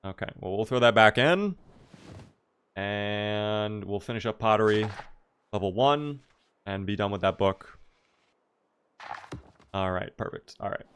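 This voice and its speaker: Unhurried and pausing often, a man with a lowish, fairly bright voice streams a game live with slight background noise. He's from Maryland on the US East Coast and chats casually, taking questions from chat as he plays.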